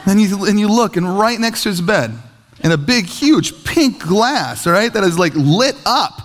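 A male pastor in his thirties preaching a sermon with animated, self-deprecating stories about parenting. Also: high voice, unhurried.

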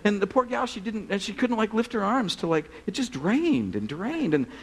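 A man's voice: high voice, moderate pace, breathy edge, poor audio. A male pastor giving a casual, storytelling sermon in a crowded church service. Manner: casual, animated, many "like"s.

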